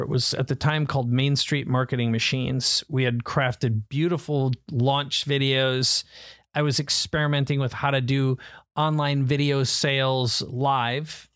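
A middle-aged man telling a personal story in a relaxed, conversational way, his voice bouncing up as he acts out the people in it. He sits at mid pitch and sounds close and dry, with no room echo. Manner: animated storyteller, acts out quoted family voices. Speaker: podcast co-host. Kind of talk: casual storytelling.

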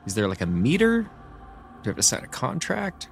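Low gravelly male player, lively casual delivery, jokey and hesitant. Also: a little fast, faint music behind. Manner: casual, joking, hesitant with many "like"s. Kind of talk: casual tabletop role-play.

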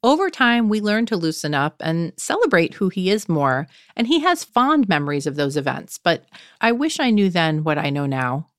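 A woman's voice: on the low side, sing-song, normal speed, dry recording, clean studio sound. A woman co-hosting a parenting podcast who reads stories and reflects earnestly. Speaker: podcast co-host. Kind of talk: reading a listener story and chatting.

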